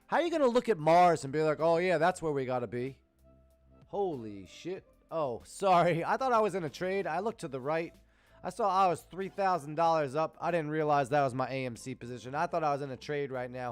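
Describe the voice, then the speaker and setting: A man ranting and cursing on a trading live stream, swinging between loud outbursts and muttered asides. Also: a little high, no room sound. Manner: profane, heated, swings loud and quiet. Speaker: live-stream day trader.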